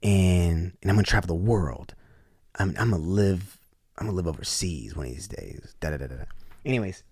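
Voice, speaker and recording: A man with a deep, low voice tells his story in a relaxed, animated way, slipping into the voices of the people he quotes. He restarts his sentences often as he talks. The sound is close and dry, with no room echo. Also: fairly quick, husky. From Oklahoma. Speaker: podcast guest. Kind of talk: casual storytelling.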